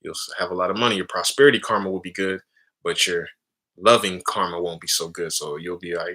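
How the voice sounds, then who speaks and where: Man, low voice, edgy bright tone, casual spiritual talk, frequent tag questions. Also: brisk, husky. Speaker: spiritual teacher.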